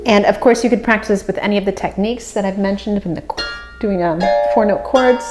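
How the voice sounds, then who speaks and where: A woman harp teacher calmly explaining practice techniques, with soft fillers between phrases. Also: medium pitch, a little fast, loud music behind the voice. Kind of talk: instructional explanation. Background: harp playing.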